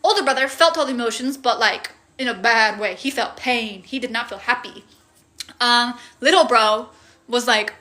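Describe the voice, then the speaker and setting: A woman's voice: on the high side, moderate pace, bright, forceful tone. A woman casually recapping a story on a livestream, playful and loose, swearing and making sound effects. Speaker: streamer recapping game lore.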